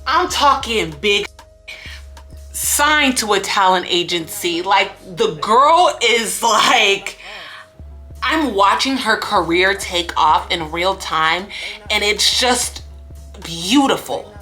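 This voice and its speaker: A woman's voice: medium pitch, lively intonation, slow, bright, forceful tone, faint music behind. A woman in her late twenties, a content creator sharing life lessons in a chatty, emphatic way and acting out little scenes. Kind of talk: casual life-lesson vlog.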